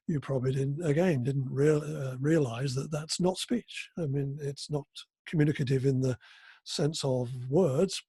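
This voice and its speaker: An older man giving an academic conference keynote, talking haltingly with many fillers and restarts. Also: on the high side, mellow, husky, no room sound. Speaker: keynote speaker.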